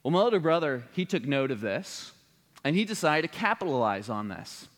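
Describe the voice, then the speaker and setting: A man preaches a sermon from the pulpit, his voice sitting a little high for a man. He tells a family story in an earnest way and builds toward a solemn appeal. The long reverb of a large church hall trails after his words. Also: sing-song, moderate pace.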